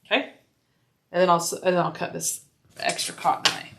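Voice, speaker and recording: A woman giving a casual sewing demonstration, gushing and excitable and talking to herself as she works in a home sewing room, sometimes drifting away from the mic. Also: lowish voice, fairly quick, gravelly, slight background noise. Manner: gushing and excitable, talks to herself while working.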